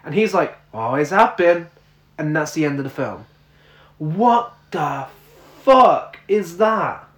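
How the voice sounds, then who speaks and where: A man's voice: on the high side, expressive, slow pace. A man co-hosting a casual film review, recounting the plot with mocking disbelief. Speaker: podcast co-host. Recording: roomy echo.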